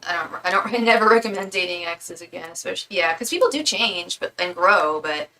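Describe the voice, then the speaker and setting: A woman's voice: lively intonation, a little fast, sharp tone, distant mic, slight background noise, rough recording. Chatty young woman reading tarot live. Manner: chatty, rambling, repeats invocations in a low murmur. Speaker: tarot reader. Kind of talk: live-stream tarot reading, casual chat.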